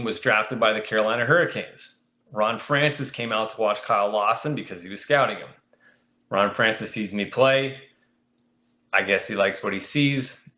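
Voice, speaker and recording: A young man telling a story as a podcast guest, animated and jumping into high voices when he acts out his friends. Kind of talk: casual storytelling. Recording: echoey room.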